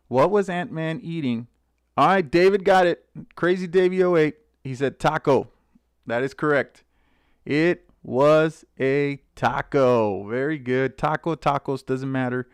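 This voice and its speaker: A man hosting a casual live stream, chatting excitedly to viewers by name as he opens card packs. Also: a little high, normal speed, smooth, dry recording. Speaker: channel host opening card packs.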